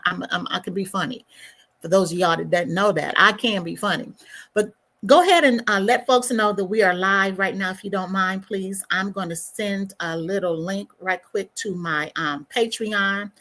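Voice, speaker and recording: Chatty woman hosting a livestream. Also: fairly low pitch. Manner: chatty, warm asides, mutters to herself while fiddling with settings. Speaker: livestream host. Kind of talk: casual livestream talk to viewers.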